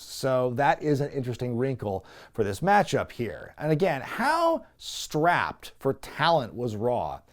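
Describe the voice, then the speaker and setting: A man hosting a wrestling review show, giving a casual, sarcastic, animated recap with some swearing. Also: mid-range voice.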